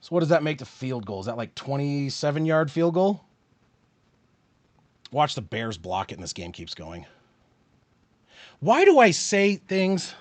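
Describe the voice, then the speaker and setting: A man calling a football game play by play on his live stream, rising with excitement on big plays and dropping to quiet muttered asides. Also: medium pitch, normal speed, pauses often, no room sound. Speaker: streamer and sports commentator.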